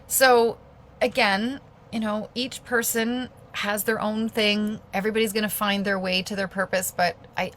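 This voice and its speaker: Woman guest on a video call, low gravelly voice, rambling and enthusiastic, faint noise behind. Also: a bit bright. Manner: rambling, many fillers and restarts; lights up with enthusiasm. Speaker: guest speaker. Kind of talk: casual talk on a video call.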